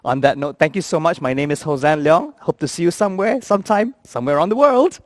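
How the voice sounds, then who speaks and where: A man, telling comic travel stories in an animated, playful way and acting out the characters. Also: on the high side, fast, no echo, clean studio sound. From Singapore. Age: 50s. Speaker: actor. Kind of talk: comic storytelling.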